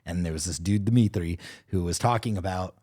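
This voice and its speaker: A man co-hosting a casual podcast, swearing often as he tells a rambling, animated story. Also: low voice, moderate pace. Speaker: podcast co-host.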